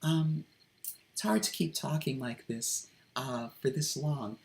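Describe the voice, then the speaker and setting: A woman hosting a casual vlog, talking hesitantly with many ums and restarts, carefully keeping her voice soft and deliberate. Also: extremely low pitch, creaky. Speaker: video host. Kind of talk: unscripted vlog commentary with read-aloud quotes.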